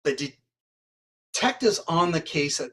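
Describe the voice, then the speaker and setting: A man from Canada, a guest in an interview, telling a long story in a rambling, animated way and acting out what others said. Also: a little high, measured pace. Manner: rambling, acts out quoted dialogue.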